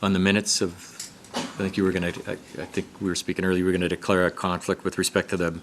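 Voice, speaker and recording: A man chairing a regional council meeting, running through agenda items in an informal, halting way with many fillers. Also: sits low, flat delivery, noisy background. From Canada.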